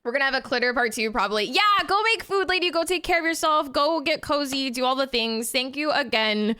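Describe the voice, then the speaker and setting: A woman's voice: sits high, fairly quick, pushed and bright. A woman game streamer chatting casually with viewers, giggly and rambling. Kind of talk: casual live-stream chat.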